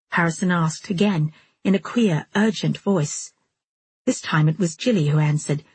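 A woman narrating a first-person novel as an audiobook in a measured storytelling manner. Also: low-pitched, a little mellow, husky, dry recording.

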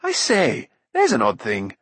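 A man voicing a curious, talkative young prince who bursts out in excited exclamations. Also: medium pitch, a little slow, breathy edge, dry recording, exaggerated voice. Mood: amazed.

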